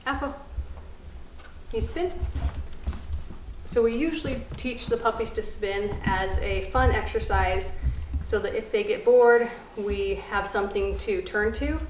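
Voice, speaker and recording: A woman dog trainer explaining puppy commands in a calm teaching manner, softly praising the puppy between steps. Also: mid-range voice, normal speed. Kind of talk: instructional demonstration. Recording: echoey room, faint noise.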